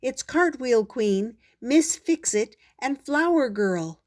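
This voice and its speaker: Earnest young boy hero, voiced by an older woman; excited, wide-eyed. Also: a little high, takes it slowly, pitched above the performer's own voice. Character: earnest young male goat-herd hero.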